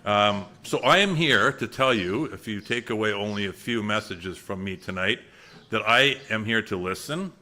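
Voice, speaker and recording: A man's voice: on the low side, pushed and bright. A middle-aged man, a member of parliament, speaking at a town hall in an earnest, emphatic way with frequent restarts. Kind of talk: public town hall speech.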